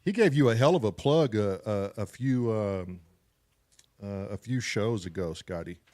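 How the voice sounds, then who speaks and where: A man's voice: fairly low pitch, lively intonation, unhurried, a little mellow. A man hosting a live stream, chatting loosely and jokily and swearing freely. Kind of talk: casual live-stream chat.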